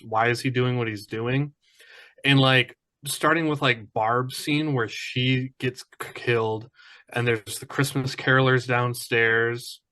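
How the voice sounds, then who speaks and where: A man's voice: mid-range voice, bright, forceful tone, no echo. A man in casual conversation, musing aloud and thinking through his ideas about a film.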